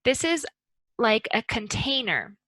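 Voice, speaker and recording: A woman teaches English in a slow, deliberate way, drawing out her examples with exaggerated rises and falls of pitch. Her voice is bright and clear, and the recording is dry and close, with no room sound. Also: sing-song, no echo, poor audio. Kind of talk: slow, careful language lesson.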